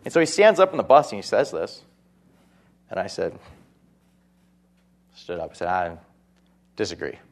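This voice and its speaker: A pastor preaching a sermon in a conversational way, with asides and quoted voices. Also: male voice, on the low side, very animated, moderate pace, long pauses.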